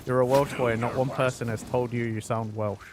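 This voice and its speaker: A man's voice: mid-range voice, flat delivery, brisk. Man, mild mixed british accent, from london, rambling game commentary, cursing, faint hum behind. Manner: chatty, swears often, rambling. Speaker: game streamer. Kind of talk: casual gaming commentary.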